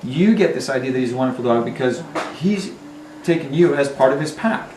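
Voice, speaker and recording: A man's voice: mid-range voice, expressive, brisk, noisy background. Emphatic man trainer, echoey room. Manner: emphatic, checks in with "Okay?". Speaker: dog trainer. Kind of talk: explaining to a dog owner. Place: indoors in a home. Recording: echoey room with faint ambience.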